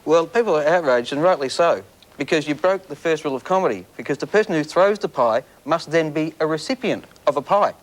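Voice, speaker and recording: High-voiced wisecracking Australian man. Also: animated. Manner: wisecracking, delivers punchlines in quick jabs. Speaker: comedian panelist. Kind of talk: stand-up style gags on a TV panel show. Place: TV studio with live audience. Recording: loud studio audience and room noise.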